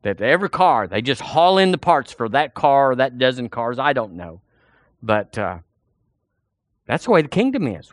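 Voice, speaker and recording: A preacher, a man whose pitch sits a little high and swings widely as he works up the congregation. He talks folksy and direct, circling back on his own words. The sound is close and dry. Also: normal speed, no room sound. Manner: animated, folksy, repeats himself, addresses the congregation directly. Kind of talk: sermon.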